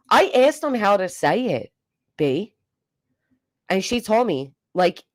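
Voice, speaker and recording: A woman's voice: on the low side, very animated, a little slow. A woman, hosting a casual livestream, reading comments and joking bluntly with swearing. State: coughing. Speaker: livestream host.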